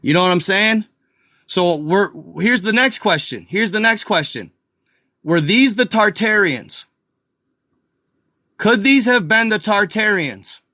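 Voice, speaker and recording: A man hosting a casual video, excitedly talking viewers through an old map and repeating himself as he points things out. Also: high voice, takes it slowly, long pauses, no room sound, studio quality. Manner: excited, repetitive, addresses viewers as guys and y'all. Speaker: video host. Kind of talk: casual commentary over a map.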